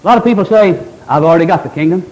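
A man's voice: high-pitched, rapid-fire, darkish tone, rough recording. A man preaching a fervent, emphatic Baptist sermon, now and then mimicking imagined objectors. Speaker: Baptist pastor.

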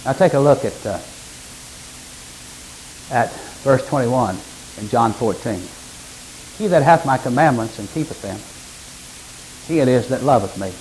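A male preacher works through scripture in a sermon. His voice sits at a medium pitch, and he often climbs into sudden emphatic, louder peaks. A faint hiss runs under the recording. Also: animated, measured pace, long pauses, rough recording.

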